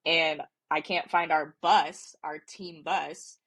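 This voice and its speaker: A woman's voice: low-pitched, fairly even intonation, takes it slowly, a bit bright. A young woman in her twenties, a soccer player and podcast guest, telling a story casually with many fillers and restarts.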